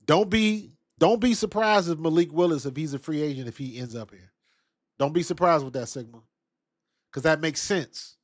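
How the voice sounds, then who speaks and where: Here a man with a higher-pitched voice runs a laid-back football stream, talking casually and replying to viewer comments. The recording is studio quality, with no room sound.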